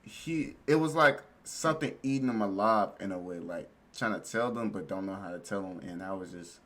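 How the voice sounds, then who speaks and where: A man streaming live, reacting to a video with animated, slangy commentary and frequent exclamations. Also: on the low side, fairly quick.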